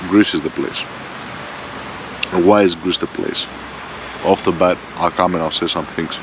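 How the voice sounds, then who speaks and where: A man's voice: deep voice, fairly even intonation, normal speed. Profane, blunt man in his forties. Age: 40s. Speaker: motorbike vlogger. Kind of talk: casual ranting vlog. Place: outdoors with a motorbike. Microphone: bike-mounted front camera. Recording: dull lo-fi sound, faint vehicle noise.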